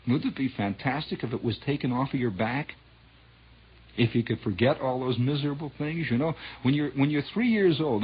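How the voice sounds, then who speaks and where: Brief: sardonic male radio DJ, very husky voice, lively pitch, muffled old broadcast sound. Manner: wry, sardonic storytelling. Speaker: radio disc jockey. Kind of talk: rambling on-air monologue.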